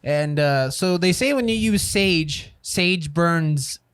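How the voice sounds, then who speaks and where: A man's voice: fairly high pitch, expressive, slow, fairly bright tone, clear, resonant tone. A man co-hosting a podcast in a studio, retelling events casually with lots of "like" and swearing. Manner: profane, filler-heavy, chiming in. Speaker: podcast co-host. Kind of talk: casual storytelling.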